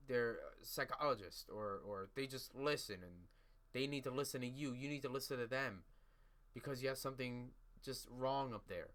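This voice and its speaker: A man's voice: mid-range voice, bright, forceful tone. A man hosting a podcast in a casual solo commentary, talking in a crude, rambling, blunt way. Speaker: podcast host.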